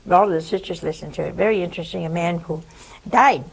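An older religious sister giving a sermon, telling a story with animated voices and sudden drops to a whisper. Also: female voice, on the low side, fast, a little hiss or hum, low-quality recording. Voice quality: gravelly, husky.

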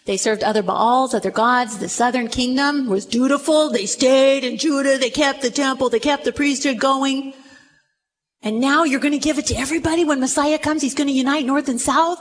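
A woman preaching a sermon to a room, retelling a story with animated, dramatic delivery. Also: high-pitched, a little fast, rough recording. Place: room with audience.

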